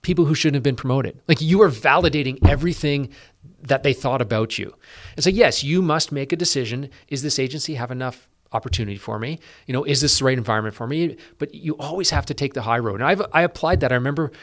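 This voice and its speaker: A middle-aged man from Canada talks fast in a relaxed interview. He speaks at a normal pitch and keeps restarting his sentences, full of "like" and "you know". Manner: energetic, quick, with many fillers and restarts. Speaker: police officer guest. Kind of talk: casual interview conversation.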